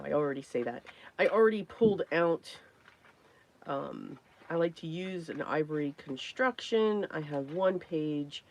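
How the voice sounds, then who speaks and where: A woman hosting a casual crafting livestream, chatty and greeting viewers by name, her voice hoarse and worn from talking, often clearing her throat. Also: sits low, a little mellow, a little hiss or hum. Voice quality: frequent throat clearing and coughs.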